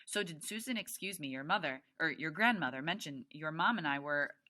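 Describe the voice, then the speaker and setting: A flustered, chatty mother who rambles on and trips over her own words, as a teacher reads her. She talks loudly and brightly, and the words pile up on top of each other. She sounds like a nervous storybook grown-up. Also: deep voice, expressive, normal speed.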